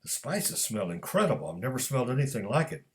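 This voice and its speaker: A man's voice: medium pitch, big pitch swings, quick pace. A man voicing an easygoing, curious male detective who asks friendly questions.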